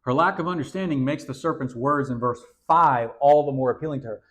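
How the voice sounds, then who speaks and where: A man preaching an animated sermon to young people, often repeating words as he goes. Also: medium pitch, a little fast.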